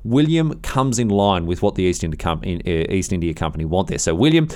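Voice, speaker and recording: A man's voice: low-pitched, big pitch swings, brisk, darkish tone. A male history podcast host telling a story in a casual, irreverent, jokey way, often restarting his sentences.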